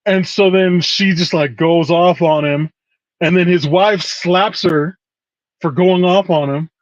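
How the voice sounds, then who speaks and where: A man co-hosting a casual podcast, slightly higher in pitch, telling a scene from start to finish in an easygoing way. The audio is a little dull and muffled, and the room is dry. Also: slow, dry recording. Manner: relaxed storyteller, recounts scenes step by step. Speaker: podcast co-host.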